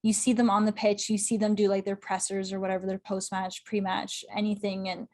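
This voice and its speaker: A woman's voice: mid-range voice, little pitch movement, darkish tone. Chatty young woman. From Canada. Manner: chatty, quick, laughs often, heavy use of "like". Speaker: podcast guest, club correspondent. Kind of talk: casual interview chat.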